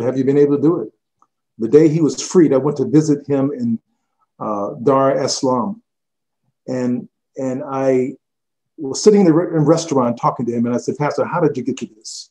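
A man's voice: medium pitch, poor audio. Preacher man telling a story in a sermon. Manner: storytelling, rising to excited shouting when quoting, then hushed in prayer; repeats "he said" and restarts often. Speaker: pastor. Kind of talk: sermon and closing prayer. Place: church broadcast.

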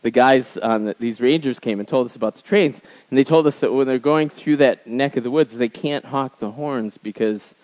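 A male pastor preaching in a relaxed, conversational way at a middle pitch. He pushes his voice up for emphasis, then drops into soft, low asides while telling personal stories. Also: normal speed, hardly any pauses, poor audio. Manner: conversational storytelling, swinging between emphatic highs and quiet asides. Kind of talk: sermon.

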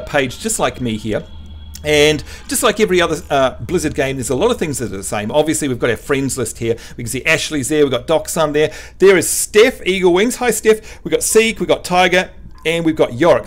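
Male streamer, slightly higher voice, chatty and teasing, casual tutorial host. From New Zealand. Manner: chatty, jokey, teasing the chat. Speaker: livestream host. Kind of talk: casual livestream chat and game tutorial.

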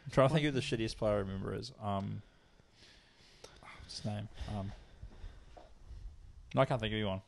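A man's voice: fairly low pitch, normal speed, gravelly, long pauses, slight background noise. A young man co-hosting a podcast, joking and swearing in casual chat. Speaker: podcast co-host.

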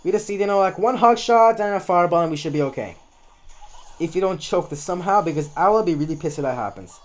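A man's voice: high-pitched, lively intonation, quick pace, faint music behind. A man giving casual live commentary on his own gameplay, chatty and often correcting himself as he talks through each move.

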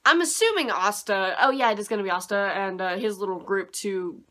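A woman giving a casual, rambling anime review, dismissive and quick to laugh. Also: medium pitch, pushed and bright.

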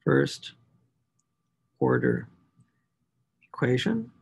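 In a recorded class lecture, a male math instructor with a mid-range voice works through equations aloud, stressing key words as he writes. He draws out his words, with vocal fry and a slightly rough texture, talking to himself with animated emphasis.

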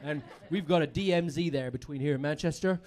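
A man doing stand-up crowd work on a comedy club stage, rowdy and sweary, building up to shouts. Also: on the high side, a little fast.

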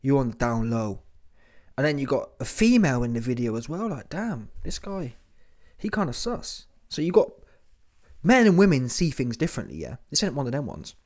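A man's voice: mid-range voice, big pitch swings, fairly quick. A man hosting casual commentary, slangy and mocking, who keeps tagging his lines with "yeah?". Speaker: host of a commentary channel.

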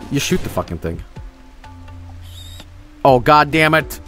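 Excitable man yelling at a game. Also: a little high, slow, pauses often, soft background music. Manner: excitable, swears a lot, yells at the game. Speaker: video game streamer. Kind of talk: live game commentary.

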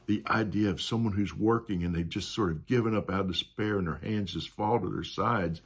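A man leads a Sunday school Bible lesson in an easy, conversational way. His voice is low and husky. He often slips in "you know" and asks the class questions as he explains. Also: fairly quick.

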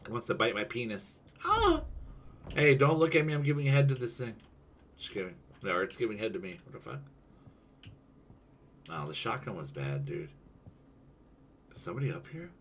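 Excitable, swearing young male streamer. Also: lowish voice, fairly quick, long pauses, slight background noise. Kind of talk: live gameplay commentary.

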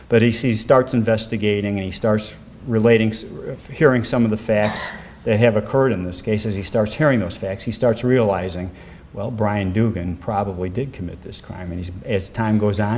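In a documentary interview, a retired defense attorney, now an older man, tells the story of a case, raising his pitch whenever he repeats someone else's words.

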